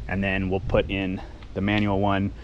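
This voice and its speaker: A young man with a fairly low voice talks through his work in a home garage, easygoing and rambling, with plenty of ums. A faint hum of background noise and vehicles sits under his voice. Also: monotone, moderate pace, highs cut off. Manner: laid-back, rambling with fillers. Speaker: home mechanic vlogger. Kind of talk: casual vlog narration. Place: home garage, indoors and driveway.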